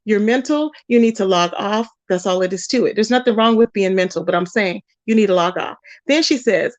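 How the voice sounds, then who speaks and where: A woman's voice: mid-range voice, brisk, hardly any pauses, no echo. A woman hosting a commentary channel, ranting bluntly and scolding someone, repeating her points and drawing out words for emphasis. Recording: dull lo-fi audio.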